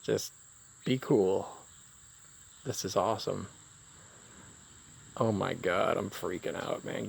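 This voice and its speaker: A man filming a casual vlog outdoors, talking in an excitable, jittery way and exclaiming in disbelief. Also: lowish voice, slow pace, gravelly, pauses often, breathy edge. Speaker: vlogger. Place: outdoors by flowers.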